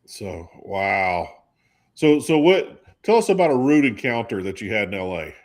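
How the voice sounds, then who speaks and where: A man with a slightly low voice hosts a relaxed talk show. He chats freely and keeps the conversation going with questions. His tone is lively and casual. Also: moderate pace. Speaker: host. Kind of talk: casual chat.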